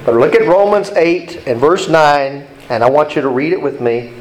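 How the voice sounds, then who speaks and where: A man's voice: a little high, lively intonation, normal speed, slight background noise, low-quality recording. A male pastor preaching an emphatic sermon, repeating key points and asking the congregation to read along.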